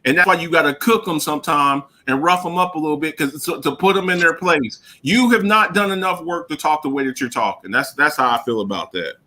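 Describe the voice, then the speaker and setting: A man's voice: a little high, a little fast, hardly any pauses, pushed and bright. A man co-hosting a radio show, talking sports in a casual, emphatic way, often repeating himself and laughing.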